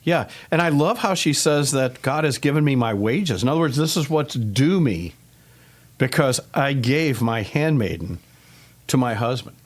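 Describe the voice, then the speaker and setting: Man, ministry show host, casual bible study talk, jokey, laughs a lot, mid-pitched voice. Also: animated, normal speed.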